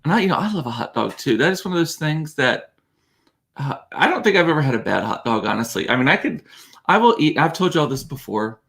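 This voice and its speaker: A man's voice: a little high, sing-song, fairly quick, gravelly, fairly bright tone. Middle-aged man, host, rambling self-amused chat. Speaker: show host. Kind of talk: casual chat. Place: warm room with door closed.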